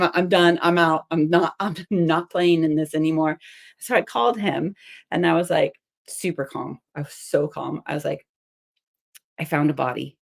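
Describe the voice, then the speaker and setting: Chatty craft vlogger, a woman with a deep voice and a bit of fry, talking through a project at home. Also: a little mellow. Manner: chatty and rambling, laughs often. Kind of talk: casual crafting tutorial chat.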